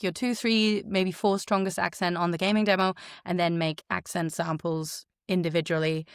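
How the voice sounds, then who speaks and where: A woman's voice: on the low side, clear, resonant tone, dry recording, clean studio sound. A woman voice actor and coach giving frank, chatty advice in a podcast interview. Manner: chatty, frank, lots of fillers.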